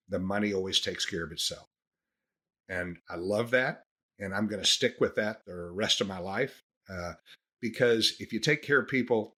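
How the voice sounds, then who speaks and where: Bright, husky man dentist talking shop. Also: lowish voice. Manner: earnest, rambling with frequent restarts. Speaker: dentist and podcast host. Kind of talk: casual monologue on practice management.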